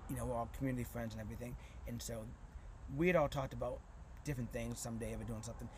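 A man talks quickly as an interview guest, jumping from one thought to the next with plenty of fillers and restarts. His voice sits at a medium pitch for a man. The recording carries a clear layer of noise and passing vehicles. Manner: animated, rapid, full of fillers and restarts. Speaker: guest, community vlogger. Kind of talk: casual interview storytelling.

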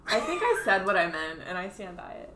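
A young woman co-hosting a casual podcast from home, answering with dry, deadpan comebacks. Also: mid-range voice, a little fast, background noise. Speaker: podcast co-host. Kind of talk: casual chat. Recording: echoey room.

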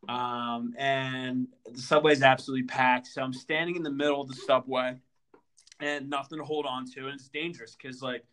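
A young man co-hosting a podcast, telling a story in casual chat, animated and full of fillers and stutters. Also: medium pitch, normal speed. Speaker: podcast co-host.

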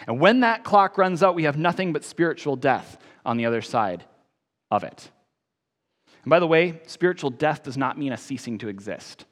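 Emphatic preacher in a reverberant church. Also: male voice, a little high, expressive, moderate pace. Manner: emphatic, swelling on key phrases then dropping soft. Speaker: pastor. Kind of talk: sermon.

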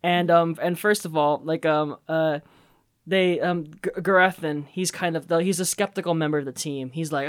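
A man's voice: a little high, normal speed, clear, resonant tone, no echo. A man co-hosting a casual book podcast, animatedly retelling a favorite scene. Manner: animated retelling, acting out quotes. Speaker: podcast co-host. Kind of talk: casual chat.

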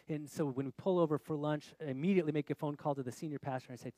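The sermon comes from a middle-aged pastor with a fairly high pitch who talks quickly with few pauses. His story is animated, alternating loud exclamations with quiet confession, and there's no room sound.

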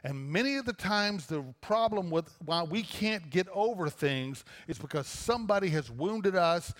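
Conversational preacher in a reverberant church. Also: male voice, high voice, lively intonation, normal speed. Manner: conversational preaching with repeated restarts. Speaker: pastor. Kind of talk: sermon. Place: church auditorium. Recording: long reverb of a church auditorium.

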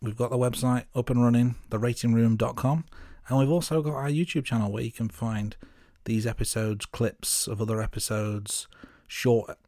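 A young man from the Midlands co-hosting a film podcast, measured and wry in casual chat. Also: medium pitch, fairly even intonation, warm tone, dry recording, studio quality. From English Midlands. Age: young adult. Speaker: podcast co-host.

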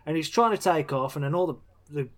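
A man's voice: fairly high pitch, expressive, fast talker. A young man, co-hosting a casual podcast chat, blunt and sweary, ranting about films with bursts of laughter. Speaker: podcast co-host.

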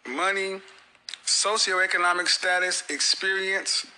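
A middle-aged man hosts a casual panel talk with an emphatic, fast-joking delivery. His voice is very bright and sits a little high for a man. There is a faint hiss of noise under it. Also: fairly even intonation, poor audio. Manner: emphatic, quick, joking one-liners. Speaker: podcast host.

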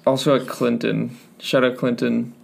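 Young male podcast co-host, gravelly voice with lots of fry, laid-back and joking. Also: medium pitch, little pitch movement, normal speed. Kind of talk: casual chat.

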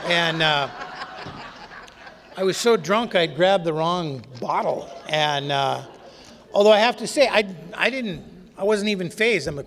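A man's voice: a little high, animated, normal speed, a bit bright. A man telling his recovery story in a wry, candid, self-mocking way. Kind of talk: humorous personal storytelling talk. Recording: long reverb of a hall.

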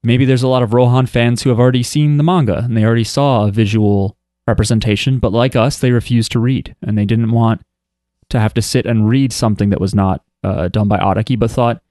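A man co-hosting a casual podcast chat, animated and jokey, often acting out silly voices when quoting. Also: medium pitch, a little fast, no echo, studio quality. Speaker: podcast co-host.

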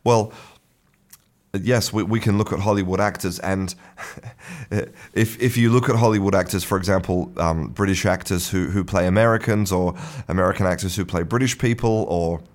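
A man teaching English in a relaxed, unscripted way, often restarting his sentences and chuckling. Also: deep voice, moderate pace. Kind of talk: casual talking-head lesson.

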